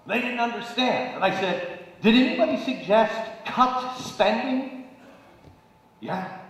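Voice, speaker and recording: A middle-aged man giving a sarcastic, animated live stage monologue, mocking people by putting on their voices. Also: high-pitched. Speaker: political commentator on stage. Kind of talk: live stand-up style monologue. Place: large auditorium stage. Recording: echoey hall audio from far off.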